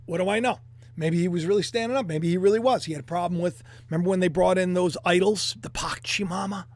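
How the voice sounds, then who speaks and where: High-voiced rambling male commentator. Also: fast talker, no room sound. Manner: rambling, jokey, repeats himself. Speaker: YouTube commentary host. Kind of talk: casual commentary.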